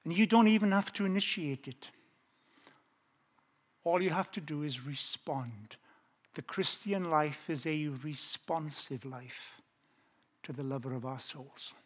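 A man's voice: on the high side, measured pace, long pauses. A middle-aged man preaching a sermon in an earnest, repetitive cadence.

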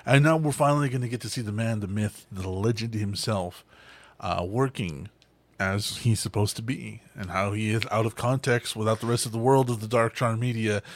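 A man co-hosting a casual podcast, talking in an animated way, often swearing and laughing. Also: fairly low pitch, moderate pace, no echo. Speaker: podcast co-host, voice actor. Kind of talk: casual chat.

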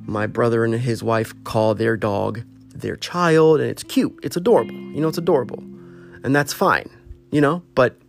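A man of medium pitch, measured in pace and with vocal fry, gives a rambling, heartfelt monologue urging listeners to reach out to friends, as faint guitar plays in the background.

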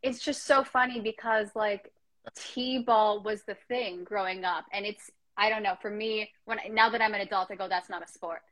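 A woman's voice: mid-range voice, steady tone, moderate pace, fairly bright tone. A woman hosting a casual interview over a video call, chatty and filling her talk with "like". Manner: chatty, heavy use of "like". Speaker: host.

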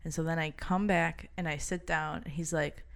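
Chatty woman with a lowish voice. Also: steady tone, normal speed, a bit bright. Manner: chatty storyteller, laughs often, many "like" fillers. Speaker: podcast co-host. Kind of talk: casual chat.

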